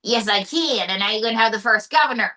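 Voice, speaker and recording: Woman performing a crude, boastful male president impression; smug, drawn-out delivery. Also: on the high side, pushed and bright, far from the mic.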